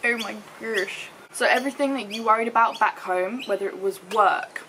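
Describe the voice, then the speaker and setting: A woman's voice: a little high, a little fast, very noisy. A young woman from the UK, a travel vlogger chatting to camera in an upbeat, casual way, full of likes and fillers. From United Kingdom. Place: outdoors in the sun, later indoors.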